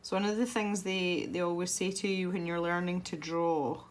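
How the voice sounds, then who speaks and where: A woman's voice: on the low side, fairly even intonation, moderate pace, noisy background. A woman talking casually as she colours, giving chatty tutorial tips in a self-deprecating way.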